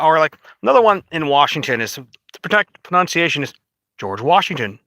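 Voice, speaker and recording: A man's voice: fairly high pitch, expressive, moderate pace, bright, forceful tone, dry recording. A man ranting casually to the camera in a profane, rambling, indignant way. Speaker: vlogger.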